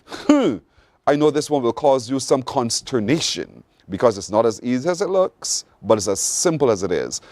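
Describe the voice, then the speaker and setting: Lively Barbadian male morning host. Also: mid-range voice, no echo. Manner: lively, playful, drawn-out teasing delivery. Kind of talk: live call-in word game and news read.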